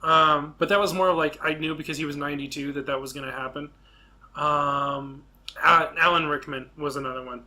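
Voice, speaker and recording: A young man chatting casually on a podcast, his voice pitched slightly high and bright. He rambles with excitement, restarting sentences and dropping fillers as he goes. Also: fairly quick. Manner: rambling, restarts often, enthusiastic film fan. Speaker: podcast host. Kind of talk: casual chat.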